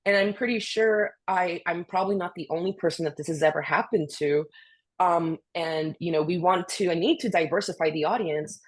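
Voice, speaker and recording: Woman guest on a video call, casual storyteller, slightly low voice, chatty and animated with lots of fillers. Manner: animated, peppered with "you know" and restarts. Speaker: guest speaker, orchestra conductor.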